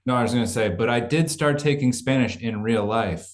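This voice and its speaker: A man actor in an interview, joking in a self-deprecating, halting way. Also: medium pitch, echoey room. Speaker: actor guest. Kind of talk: video interview answers.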